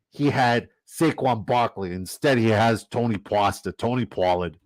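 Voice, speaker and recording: A man's voice: fairly low pitch, measured pace, few pauses. A man from Canada, giving loose, jokey commentary and swearing casually while running down a fantasy football draft.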